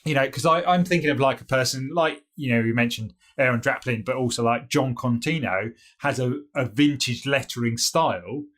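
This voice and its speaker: A man's voice: medium pitch, moderate pace, hardly any pauses, a bit bright. A British man from the UK co-hosting a podcast, giving thoughtful, hesitant answers full of "you know" and restarts. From United Kingdom. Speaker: podcast co-host. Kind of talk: casual podcast chat.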